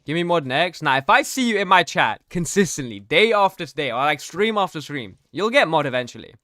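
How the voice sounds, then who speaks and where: Slangy young streamer, lively voice. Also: male voice, a little high, a little fast, no room sound, clean studio sound. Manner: slangy, reads chat aloud, laughs often. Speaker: game streamer. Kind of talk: casual live-stream chat.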